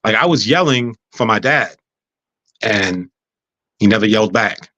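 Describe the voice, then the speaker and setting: Male guest, storyteller, bright forceful voice, funny, dry and dull lo-fi recording. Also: on the low side, unhurried, dry recording. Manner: humorous, animated storyteller, acts out dialogue. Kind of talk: casual storytelling interview. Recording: dull lo-fi sound.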